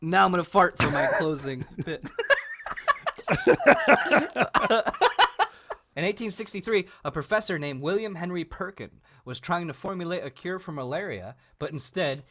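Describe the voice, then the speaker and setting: A man's voice: sits high, sing-song, a little slow, sharp tone. An American man co-hosting a comedy podcast, chatting casually, cracking jokes, laughing often and slipping into silly voices. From United States. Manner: jokey, laughs a lot, slips into silly character voices. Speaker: podcast co-host.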